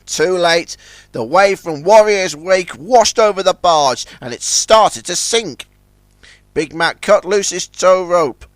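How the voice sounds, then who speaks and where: A man's voice: high voice, slow, no room sound. A man reading a children's story aloud as narrator, switching between character voices.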